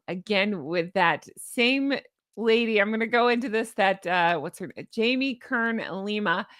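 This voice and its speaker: A woman's voice: medium pitch, sharp tone, no echo, studio quality. A woman giving casual commentary on her own channel. She is chatty and sarcastic and laughs at her own remarks. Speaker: YouTube commentator.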